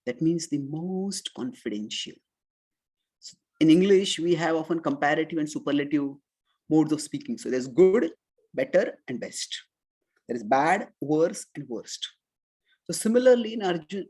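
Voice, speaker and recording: A middle-aged man with an Indian accent giving a scripture lecture, explaining step by step and chanting verses slowly. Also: high-pitched, darkish tone, breathy edge. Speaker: spiritual teacher.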